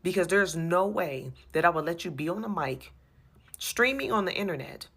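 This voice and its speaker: A woman with a low, gravelly voice tells an exasperated story about her church. She talks with animation and circles back over her points. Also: moderate pace. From USA. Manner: animated, exasperated, repeats herself. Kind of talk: personal storytelling.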